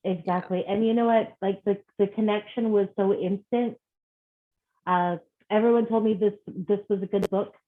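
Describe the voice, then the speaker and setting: A woman's voice: mid-range voice, fairly even intonation, moderate pace. A woman from Scotland, a guest author, talking in an earnest, reflective way in a casual interview. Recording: tinny phone-like line.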